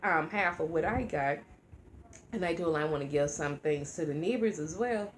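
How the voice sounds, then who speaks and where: A woman's voice: low voice, moderate pace, a little hiss or hum. A middle-aged woman vlogging in a rambling, heartfelt way about faith and everyday life. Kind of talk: casual chat.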